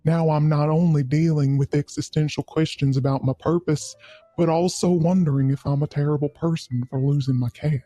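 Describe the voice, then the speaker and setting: Dark, slightly high text-to-speech man reading chat messages, dry. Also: fairly even intonation, normal speed, no echo, faint music behind. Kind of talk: synthetic read-out of questions.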